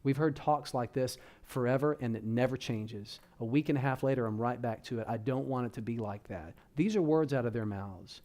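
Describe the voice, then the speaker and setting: A man speaks to a room of parents at a church workshop. His tone is warm and mellow, and he talks to the crowd in a casual, direct way. His pitch sits in a middle range. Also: a little fast, hardly any pauses. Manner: conversational, addresses audience directly. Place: church hall.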